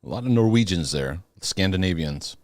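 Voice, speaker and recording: A man with a fairly low voice hosts a live Q&A in a loose, chatty way. He laughs easily, stumbles and restarts his phrases as he talks to viewers. The sound is dry and close, with almost no room around it. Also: expressive, moderate pace, no room sound. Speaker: host of a live Q&A. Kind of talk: casual live-stream chat.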